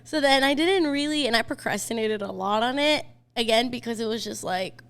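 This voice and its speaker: A woman's voice: on the high side, a bit bright, clean tone. A young woman in her twenties, a podcast guest, chatting casually and telling stories with lots of fillers. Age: 20s. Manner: chatty, quick storytelling with many fillers. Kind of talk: casual chat.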